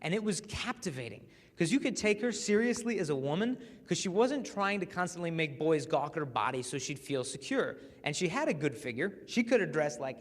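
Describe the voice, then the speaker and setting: A man with a fairly high voice gives a talk to a live crowd. He tells stories with lively energy and slips into the voices of the people he quotes. His voice rings with the long reverb of a large hall. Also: brisk, few pauses. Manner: lively storyteller who acts out the people he quotes. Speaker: speaker. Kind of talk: public talk to a live audience.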